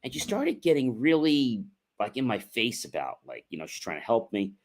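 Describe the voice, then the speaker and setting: A man hosting a motivational livestream, talking earnestly and repeating himself, with frequent fillers and asides to "ladies and gentlemen". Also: mid-range voice, very animated. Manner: measured delivery with frequent fillers. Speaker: host.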